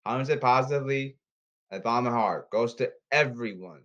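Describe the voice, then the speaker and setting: Man, solo podcast rant, repetitive and halting, slightly muffled lo-fi sound. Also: medium pitch, fairly bright tone. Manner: repetitive, pleading, halting delivery. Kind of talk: rambling solo monologue. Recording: slightly dull lo-fi audio.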